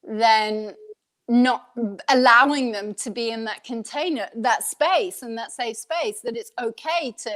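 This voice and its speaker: A woman's voice: on the high side, measured pace, a bit bright. A woman hosting a casual coaching talk, earnest and frank, laughing often and swearing mildly. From Australia. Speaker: host, life coach. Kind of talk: casual conversational podcast chat.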